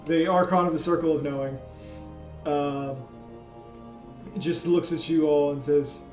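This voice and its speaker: A man narrating as game master in a tabletop game, unhurried and filling gaps with "like". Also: a little high, fairly even intonation, darkish tone, echoey room, soft background music. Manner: unhurried, with frequent "like" and trailing pauses.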